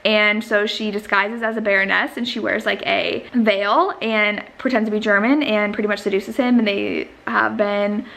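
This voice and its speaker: A woman's voice: medium pitch, steady tone, normal speed, vocal fry, hardly any pauses, fairly bright tone. A young woman chatting casually in a book vlog, gushing and rambling with many fillers. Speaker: book vlogger.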